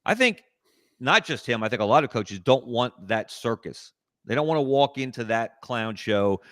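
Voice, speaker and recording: A man speaking as a guest in a casual sports talk discussion, laying out his points in measured, analytical lists. His voice sits at an ordinary middle pitch. The call sound is dry and close, with no room echo. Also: animated, a bit bright.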